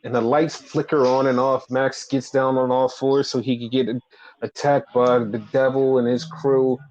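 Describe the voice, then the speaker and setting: A man's voice: mid-range voice, little pitch movement, moderate pace, darkish tone, no echo, lo-fi sound. A man co-hosting a casual wrestling podcast, ranting in a profane, exasperated way. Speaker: podcast co-host.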